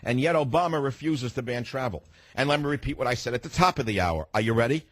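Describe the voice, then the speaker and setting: A man's voice: mid-range voice, animated, fast talker, fairly bright tone, no echo. Combative male talk radio host, dry sound. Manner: combative and emphatic, cuts off callers. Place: radio studio.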